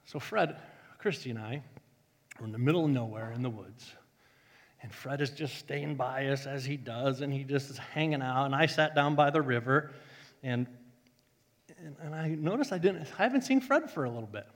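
A male pastor telling a story in a sermon, joking and animated, swinging from loud bursts to hushed tones. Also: mid-range voice, moderate pace, big-room sound.

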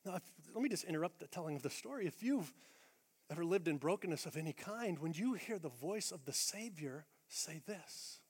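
A man preaching a sermon as pastor, blunt and energetic, swinging between loud emphatic lines and hushed quiet ones. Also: a little high, brisk, breathy edge. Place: large church auditorium. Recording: long reverb of a large hall.

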